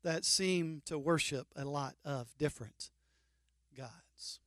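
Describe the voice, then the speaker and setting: Male pastor, high and smooth, lively joking sermon delivery, close dry mic. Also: takes it slowly, dry recording. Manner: animated, joking, mock-incredulous asides.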